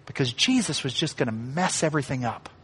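A pastor preaching a sermon in a conversational way, acting out quoted lines and adding light asides. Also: male voice, mid-range voice, expressive, a little fast, fairly bright tone, breathy edge, big-room sound.

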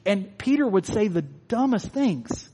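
A man preaching a sermon in a conversational, animated way, often restarting his phrases, to people in a church hall. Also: sits high, unhurried, husky. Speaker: pastor. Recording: long hall reverb.

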